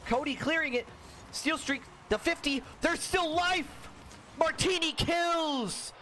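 A young man giving solo play-by-play commentary on a video game match, excitable and jokey, with a worn-out voice. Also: very high-pitched, a little slow, slight background noise. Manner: excitable, jokey, frequent exclamations. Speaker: esports caster.

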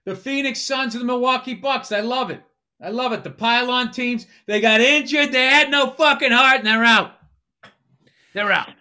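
A man's voice: extremely high pitch, moderate pace, bright, forceful tone, smooth. A man hosting a casual podcast as a comedian, blunt and profane, needling his co-host.

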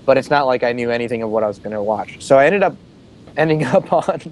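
A man's voice: mid-range voice, expressive, fast talker, slight background noise. A man co-hosting a podcast, recalling a childhood memory with casual restarts. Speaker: podcast co-host. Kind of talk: casual storytelling over a call.

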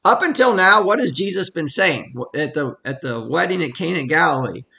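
A man's voice: fairly high pitch, animated, brisk, creaky, sharp tone. A man giving a casual, conversational Bible study at home, explaining a passage and reading verses aloud with emphasis.

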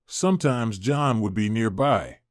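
Guy reading as a soft hopeful old bedridden mom, a bit sly, dry close sound. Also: lowish voice, animated, measured pace, no echo. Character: older bedridden mother, gentle and sly.

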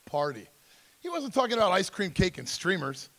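He has a high, sing-song, somewhat bright voice and talks fairly quickly. The middle-aged speaker is sharing his personal story at a school drug seminar, intensely and emphatically acting out others' voices.

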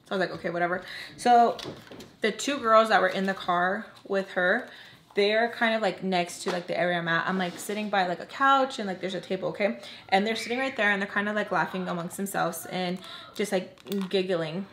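A woman's voice: medium pitch, a little fast, a little hiss or hum. A woman telling a personal story in a casual vlog while doing her makeup, chatty and full of "like" fillers. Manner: chatty, filler-heavy with frequent "like"; animated, acts out the other people in the story. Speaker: storytime vlogger.

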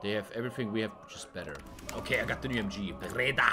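A man giving casual, excitable gameplay commentary while he plays, swearing often and swinging between loud outbursts and low mutters. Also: fast talker, music in the background. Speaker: gaming streamer.

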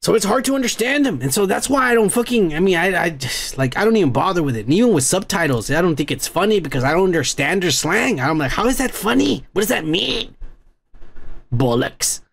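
Gravel-voiced young American host, rants fast and swears a lot, pitch a little high. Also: male voice. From United States. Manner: profane, rambling, excitable. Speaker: podcast host. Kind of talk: profane comedic rant.

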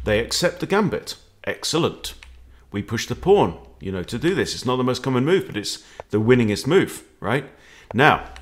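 Playful, animated chess coach. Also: male voice, medium pitch. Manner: playful, animated, jokey with exclamations. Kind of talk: chess lesson walkthrough.

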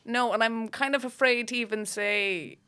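A young woman, a comedian, chatting as a podcast guest, self-deprecating and quick to laugh. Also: fairly high pitch, fairly even intonation, bright, forceful tone, smooth. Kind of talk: casual chat.

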